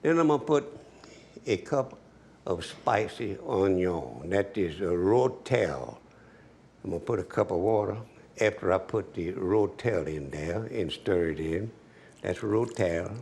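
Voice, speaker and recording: Man, very low voice, gravelly, home cook, cooking demonstration, chatty and folksy. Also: expressive, a little slow, darkish tone. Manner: folksy, chatty, talks straight to the viewer.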